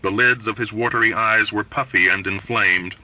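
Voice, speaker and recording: A man reading a novel aloud in a measured, expressive way. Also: fairly low pitch, far from the mic. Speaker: audiobook reader. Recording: dull lo-fi recording.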